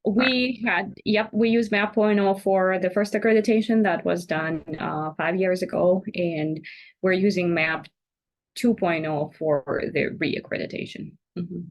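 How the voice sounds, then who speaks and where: Aarzelende vrouw met lage stem. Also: female voice, fairly low pitch, fairly even intonation, dull audio. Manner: hesitant, halting. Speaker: webinar attendee. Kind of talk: casual answers on a webinar.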